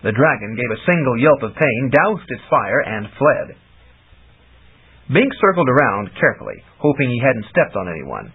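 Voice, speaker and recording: A man narrating a fantasy audiobook in an animated storytelling way. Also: medium pitch, normal speed, slightly rough. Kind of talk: scripted narration. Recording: tinny lo-fi audiobook recording.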